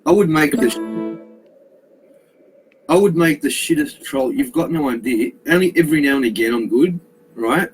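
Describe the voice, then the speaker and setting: A man's voice: a little high, moderate pace, pauses often, over music, poor audio. A man, talking in a brash, profane, joking way in a casual online hangout. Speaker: chat participant.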